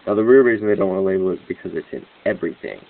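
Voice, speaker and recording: A man giving a rambling, excitable commentary monologue as host of his own news channel, with restarts and cynical laughs. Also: low voice, very fast, gravelly. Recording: tinny phone-like line.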